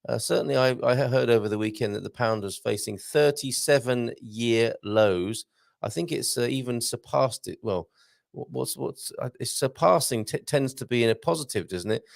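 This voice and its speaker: A man's voice: mid-range voice, moderate pace, creaky, no room sound, studio quality. A man hosting a live show in a casual, jokey way, reading out viewer comments and adding chatty asides. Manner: chatty, jokey, reads messages aloud with asides.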